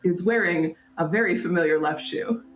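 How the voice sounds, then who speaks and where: A woman's voice: fairly low pitch, normal speed, a crowd in the background. Roomy-sounding woman running a tabletop game. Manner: chatty, laughing, restarts while describing. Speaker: game master.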